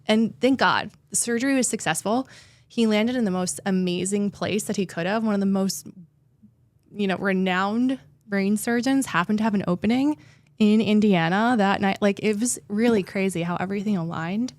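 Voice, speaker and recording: A woman's voice: mid-range voice, moderate pace, a little mellow, dry recording. A young adult woman, a therapist and guest, telling a personal story in a heartfelt way, sometimes tearful and full of "like" fillers. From New Jersey.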